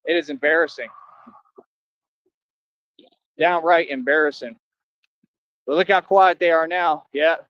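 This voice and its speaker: A man's voice: fairly high pitch, moderate pace, a bit bright, dry recording, muffled recording. A man livestreaming, talking to his viewers in a boastful, confrontational rambling monologue with slangy street talk.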